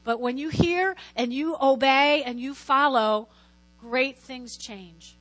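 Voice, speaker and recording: A woman preaching a sermon in a lively way, calling out to her listeners and asking them to answer back. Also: high voice, slow pace. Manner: lively, lots of call-and-response. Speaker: Christian teacher preaching.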